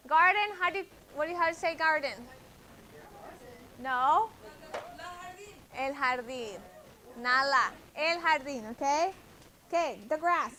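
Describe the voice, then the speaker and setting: A woman's voice: high-pitched, lively intonation, a little slow, long pauses, sharp tone, a little hiss or hum. A woman teaching a classroom vocabulary lesson, patiently drilling words and correcting pronunciation. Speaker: Spanish teacher.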